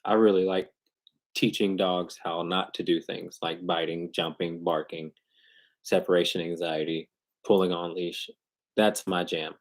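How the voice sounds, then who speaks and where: A man's voice: low-pitched, level tone, unhurried. Rambling, slangy man hosting a dog-training livestream. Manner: loose, rambling, slangy, with frequent restarts. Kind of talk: casual livestream talk. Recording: glitchy internet livestream.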